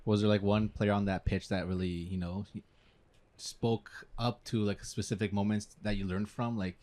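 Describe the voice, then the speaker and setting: A man's voice: on the low side, flat delivery, normal speed, dark tone. A man hosting a casual football podcast, asking long, loosely phrased questions. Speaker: podcast host.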